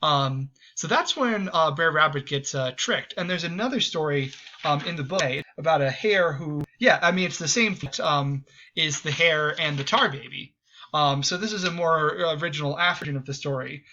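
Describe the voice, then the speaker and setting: Male history host, casual lecture, hesitant with frequent ums, bright forceful voice, somewhat high. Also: normal speed, lo-fi sound, a little hiss or hum. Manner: hesitant, many ums and restarts.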